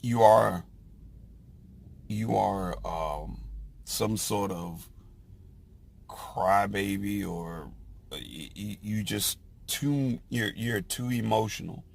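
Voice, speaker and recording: Slow, gravelly man talking casually. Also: fairly low pitch. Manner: slow, halting, with many "you know" fillers and restarts. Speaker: speaker sharing opinions. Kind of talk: casual monologue.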